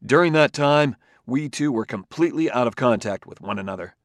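Man doing a fired up suspicious cop, pushy and intense, mid pitch, dry sound. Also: expressive, brisk, dry recording, natural voice. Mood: heated. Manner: forceful, accusing and intense. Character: heated, suspicious male police detective.

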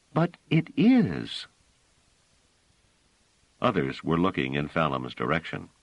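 A man reading a novel aloud as an audiobook narrator, with expressive storytelling. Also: sits low, creaky, no echo, poor audio. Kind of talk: scripted narration.

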